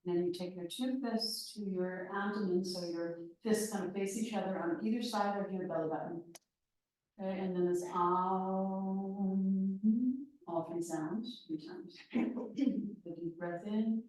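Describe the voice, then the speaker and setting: A woman with a lowish voice teaches a yoga chanting class. She gives gentle, patient instructions. She sounds distant in a big, very echoey room. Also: normal speed. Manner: gentle instructive, light laughs.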